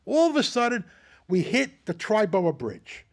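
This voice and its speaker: An older man hosting a casual chat, telling animated, profane stories and acting out what others said. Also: sits high, moderate pace. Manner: animated, profane, acts out quotes. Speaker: host.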